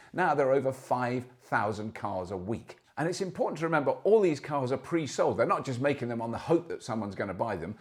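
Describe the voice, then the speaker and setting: A man's voice: mid-range voice, darkish tone. A man in his sixties hosting a show, giving casual news commentary with chatty, anecdotal asides. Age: 60s. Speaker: show host.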